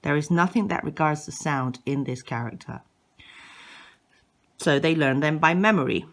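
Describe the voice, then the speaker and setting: A woman teaching a language lesson, slowly modeling each word and exaggerating the tones for learners to repeat. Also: low-pitched. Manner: exaggerates rising and falling tones.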